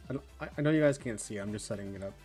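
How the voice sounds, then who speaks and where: A man's voice: fairly low pitch, rapid-fire, soft background music. Young man streaming, laid-back and chatty. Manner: relaxed, chatty, laughs often, thinks aloud. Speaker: livestream host. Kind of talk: casual livestream chat.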